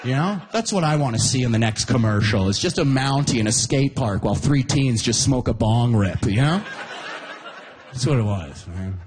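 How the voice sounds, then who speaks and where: A man from Canada performing a stand-up comedy set, telling a story with animated delivery and shouted quoted voices. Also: mid-range voice, normal speed, slight background noise.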